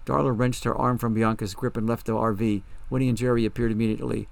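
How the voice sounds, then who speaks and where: A man narrating an audiobook in a calm, measured way. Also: on the low side, creaky, no echo.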